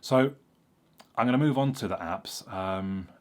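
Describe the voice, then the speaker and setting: A man's voice: lowish voice, unhurried. A man chatting casually about learning a language, rambling and correcting himself with frequent ums. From England. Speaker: vlogger. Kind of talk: casual explanatory chat.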